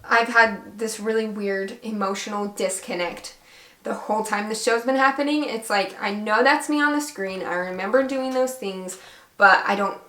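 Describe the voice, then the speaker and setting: A woman's voice: mid-range voice, moderate pace, echoey room. Chatty young woman telling a story. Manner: chatty, animated retelling with quoted dialogue. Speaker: vlogger. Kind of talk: casual storytelling.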